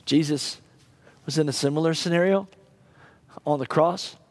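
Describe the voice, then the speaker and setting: A male pastor preaching a sermon and telling a personal story, halting and emotional with many restarts. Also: on the high side, no room sound.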